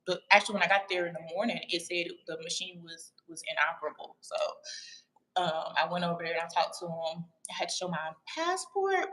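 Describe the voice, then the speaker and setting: A woman hosting a casual livestream, chatting to her viewers in an animated way and laughing often. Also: on the low side, rough recording. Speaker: livestream host. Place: home abroad.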